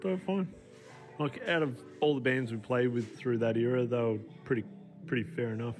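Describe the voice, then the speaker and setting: A man's voice: medium pitch, brisk, darkish tone, soft background music. A man in a recorded interview, hesitant and laid-back, with some swearing. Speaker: interviewed musician.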